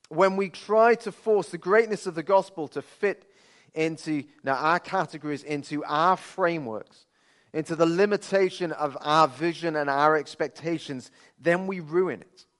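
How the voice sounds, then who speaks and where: Male preacher at a church service, a touch high-pitched, conversational and earnest with light humor. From Birmingham, England. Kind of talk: sermon. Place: church service, streamed online.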